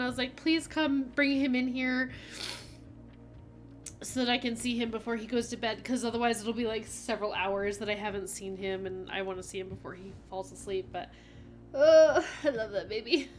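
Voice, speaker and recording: High-voiced chatty young woman streamer. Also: fairly quick, soft background music. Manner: chatty and rambling, with frequent "like" fillers and giggles. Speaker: game streamer. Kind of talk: casual chat while playing a video game.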